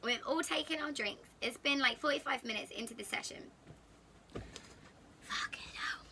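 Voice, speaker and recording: A young woman, telling a personal story to camera in a chatty, candid and expressive way, sitting on a sofa at home. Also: high-pitched, fast talker, creaky, a little hiss or hum. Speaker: vlogger.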